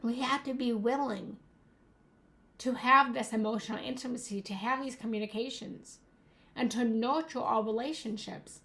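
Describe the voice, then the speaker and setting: A woman's voice: a little high, moderate pace, a bit bright. A young adult woman giving a motivational talk as a relationship coach, earnest and emphatic, repeating key phrases.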